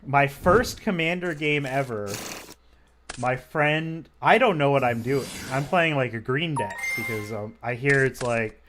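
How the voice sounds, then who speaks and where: A man's voice: mid-range voice, a little slow, a bit bright, a little hiss or hum. A man commentating on a card game match, talking casually and rambling through stories with lots of filler words. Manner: rambling, filler-heavy storytelling.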